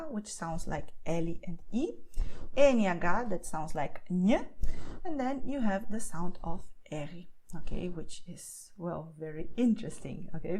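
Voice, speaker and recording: A woman teaching a beginner's pronunciation lesson, explaining patiently and clearly and often checking in with "okay?". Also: mid-range voice, a little mellow, a little hiss or hum. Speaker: language teacher.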